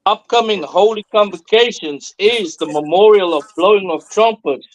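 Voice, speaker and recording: A man's voice: high-pitched, normal speed, rough recording. A man making formal announcements and ceremonial call-outs to a religious class.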